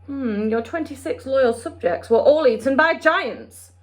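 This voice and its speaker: A woman reading the part of a brisk, commanding queen, speaking in a regal, clipped way. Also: sits high, expressive, voice pushed up.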